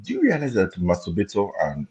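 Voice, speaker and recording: A man's voice: sits low, huge pitch swings, brisk, very noisy. A man from Nigeria chatting casually on an online call from home at night. He hesitates with lots of fillers and restarts and keeps his voice down. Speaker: panelist. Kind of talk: casual chat.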